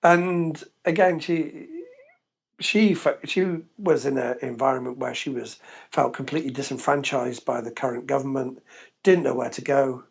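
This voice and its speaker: A man's voice: medium pitch, normal speed, vocal fry, breathy edge. A man from England, a podcast guest, telling stories animatedly and laughing often. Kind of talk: casual interview storytelling. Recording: dull lo-fi podcast recording.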